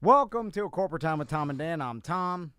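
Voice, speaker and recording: A man's voice: on the high side, animated, fairly quick, pushed and bright, clear, resonant tone, dry recording, studio quality. A man from Miami co-hosting a casual live-stream chat, easygoing, often replying briefly. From Miami, USA. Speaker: co-host.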